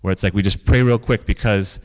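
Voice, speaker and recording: A man's voice: fairly low pitch, steady tone, a little fast, darkish tone. A man preaching a sermon in a conversational way, telling stories and repeating phrases for emphasis. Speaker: pastor.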